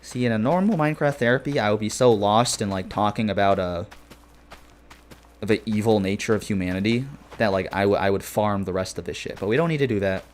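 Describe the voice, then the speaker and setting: A man's voice: fairly low pitch, a little fast, a little hiss or hum. A man streaming a game and chatting casually with viewers, rambling and playful with lots of filler phrases. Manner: jokey and playful. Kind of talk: casual live-stream chat.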